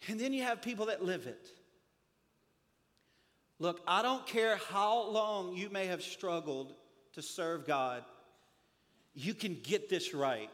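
Pastor, male, forties, lively joking sermon delivery, bright high voice in a reverberant church hall. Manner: animated storytelling with humor.

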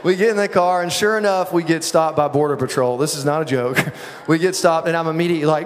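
A man preaching a sermon, mixing prayer with funny, self-deprecating stories and quick asides to the congregation. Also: a little high, long reverb tail, slight background noise. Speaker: pastor. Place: large church auditorium.

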